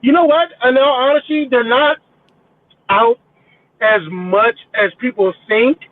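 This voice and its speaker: Guest, male, very high voice, foul-mouthed storyteller, phone-quality dry line. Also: unhurried, no echo. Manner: profane, animated, mimics people in quotes. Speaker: podcast guest. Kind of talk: casual storytelling.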